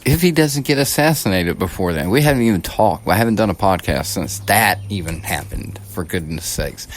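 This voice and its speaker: A low-voiced man from the United States hosting his own podcast. He talks in a loose, rambling monologue that is blunt and profane, and he often restarts his sentences. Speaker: podcast host. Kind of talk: casual political monologue.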